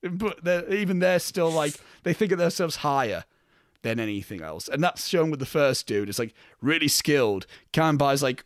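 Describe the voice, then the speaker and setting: Young man, animated pitch, dry close sound, casual podcast chat, swears and laughs. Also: moderate pace, dry recording. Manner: swearing, laughing, acting out characters' lines. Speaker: podcast co-host. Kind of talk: casual film discussion.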